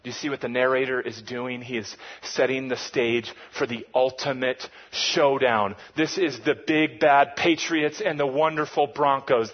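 A man preaching a sermon, swinging between hushed lines and loud, emphatic peaks. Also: medium pitch, fairly even intonation, moderate pace, hardly any pauses, highs cut off. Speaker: pastor.

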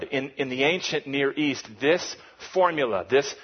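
A man preaching a sermon, swinging between hushed lines and loud, emphatic peaks. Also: medium pitch, unhurried, husky, dull audio. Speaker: pastor.

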